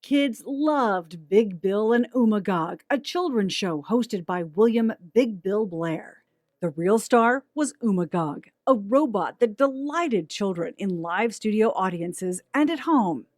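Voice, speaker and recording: A woman news anchor giving measured, polished documentary narration. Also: mid-range voice, lively intonation, dry recording, studio quality.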